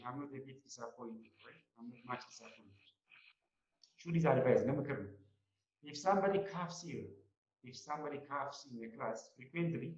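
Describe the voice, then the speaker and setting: Male lecturer, mid-pitched, repetitive classroom delivery, dull echoey recording. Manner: repeats points and checks with "right?". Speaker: college English lecturer.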